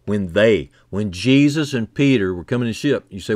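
A man preaching a sermon who builds from quiet, low passages to loud, fervent climaxes and repeats key phrases for emphasis. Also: animated, fairly quick, dry recording, clean studio sound.

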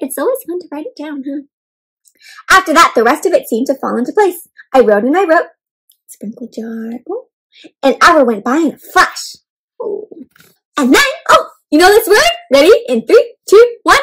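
A woman with a high-pitched voice reads a children's picture book aloud in an animated, interactive way, gasping and asking her young listeners questions. The audio quality is poor.

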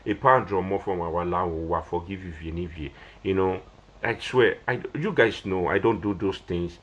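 A man's voice: low voice, moderate pace, lo-fi sound. A young man with a Nigerian Pidgin English accent, talking casually on a live video and pleading with listeners in a rambling, repetitive way. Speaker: social media personality.

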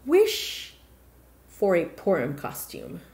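A woman voicing a kind, humble young servant girl in a storybook, earnest and gentle. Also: fairly low pitch, huge pitch swings, slow pace, gravelly, slight background noise, exaggerated voice.

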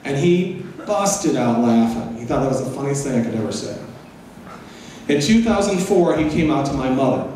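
A man's voice: medium pitch, very animated, normal speed, darkish tone, slight background noise. A middle-aged man giving a personal storytelling lecture, candid and mixing in humor. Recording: echoey hall, voice from far off.

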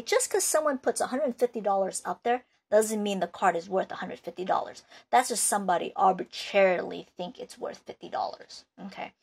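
Husky-voiced woman rambling in a vlog. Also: mid-range voice. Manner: rambling and emphatic, with many restarts. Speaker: card collector and video maker. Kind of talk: unscripted vlog talk.

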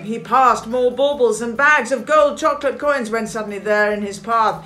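Expressive woman reading a children's story. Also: a little high, normal speed, roomy sound, soft background music. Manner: animated, expressive, gasps and asides. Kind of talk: reading a children's picture book aloud.

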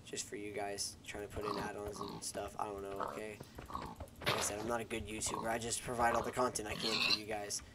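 Fairly low and monotone, the young man's voice moves briskly as he plays a game and chats to his audience on a headset mic. He's a gaming YouTuber whose commentary is casual, rambling, jokey, and self-mocking, captured in a noisy home recording full of keyboard clicks.

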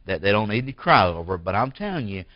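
A man preaching a sermon as pastor in a church. He swings from forceful bursts to quiet, hushed lines. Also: on the low side, big pitch swings, fast, no echo, muffled recording. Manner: preaching with rising emphatic bursts and drops to near-whisper.

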